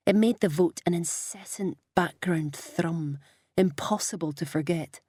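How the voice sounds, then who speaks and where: A woman reads a novel aloud in a measured, even manner. Her voice is husky and low, and the close mic gives it a dry, close sound with no room in it. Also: no room sound. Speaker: audiobook narrator. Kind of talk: scripted narration.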